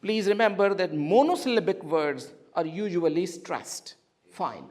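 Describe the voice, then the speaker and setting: A man teaching English vocabulary to a classroom, asking clear questions and having the students repeat words. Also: high voice. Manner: slow and clear, with lively questioning and drilling.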